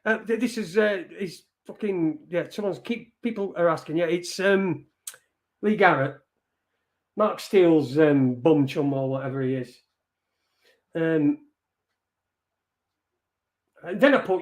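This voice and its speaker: A man's voice: fairly high pitch, takes it slowly, long pauses. A man hosting an online show, swearing and mocking as he reads out messages. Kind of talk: casual live-stream rant.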